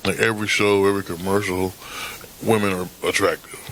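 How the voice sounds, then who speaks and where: A man's voice: deep voice, level tone, a little fast, fairly bright tone, slight background noise, rough recording. A man hosting his own podcast, rambling through a casual monologue in a blunt, profane way. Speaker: podcast host.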